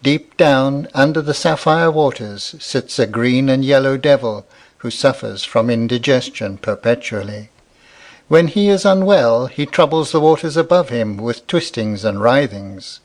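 Brief: male audiobook narrator, measured steady reading, middle-pitched voice. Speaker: volunteer audiobook reader.

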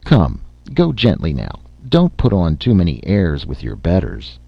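Guy doing a cocky sneery dwarf, low drawly voice, kinda muffled dry recording. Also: huge pitch swings, unhurried, vocal fry, husky, no room sound, full character voice. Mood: drawling smug. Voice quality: elaborate mocking drawl.

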